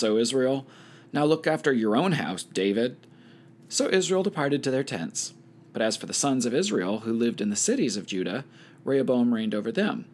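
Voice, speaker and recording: A man leading a Bible study, reading scripture aloud and adding casual commentary. He talks in a relaxed, conversational way with wry offhand asides. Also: mid-range voice.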